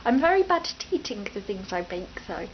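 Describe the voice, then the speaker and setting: Talking into her camera mic at home, a young East Midlands woman vlogs in a chatty, rambling, unscripted way, frequently breaking off mid-sentence. Her medium-pitched voice is sing-song and a little fast, with lo-fi sound and slight background noise.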